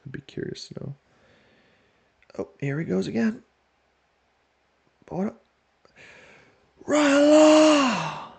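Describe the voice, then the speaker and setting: A man giving casual let's-play commentary on a football management game, joking to himself and shouting when his team scores. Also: high voice, slow pace, creaky, long pauses, breathy edge. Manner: excitable, jokes to himself, shouts at goals. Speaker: video game player.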